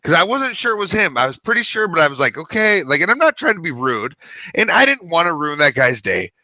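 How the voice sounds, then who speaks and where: A man's voice: fairly high pitch, quick pace, no room sound, muffled recording. A man casually telling a rowdy story, swearing freely and acting out the other people in it. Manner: animated, swearing, acts out quoted voices. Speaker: podcast co-host.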